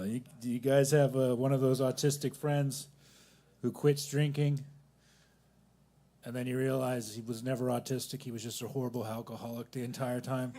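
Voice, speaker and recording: A man's voice: medium pitch, dark tone. A young man doing a rambling, self-deprecating stand-up set at a coffee shop open mic, with angry asides.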